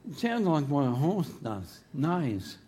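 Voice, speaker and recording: A man's voice: a little high, sing-song, takes it slowly, background noise. A man preaching a sermon in church into a microphone, emphatic and humorous, drawing his phrases out. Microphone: handheld microphone.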